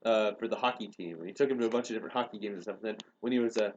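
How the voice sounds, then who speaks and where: A man's voice: on the low side, very fast, muffled recording. A young man on a podcast, casually retelling a story and acting out the quoted lines. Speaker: podcast host.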